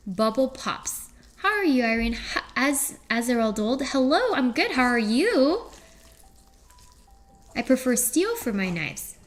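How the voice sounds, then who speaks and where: A woman's voice: high-pitched, sing-song, measured pace, soft background music. A woman streaming live from her kitchen as she cooks, chatting playfully with her viewers, reading their messages aloud and trading puns with them. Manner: playful, punning, reads chat aloud and answers it. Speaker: livestreamer. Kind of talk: live cooking stream chat. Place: home kitchen.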